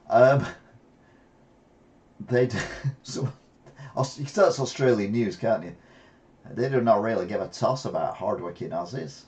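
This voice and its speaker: Older man, low mellow voice. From England. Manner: chatty, rambling, with wry asides. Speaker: channel host. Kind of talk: casual news commentary.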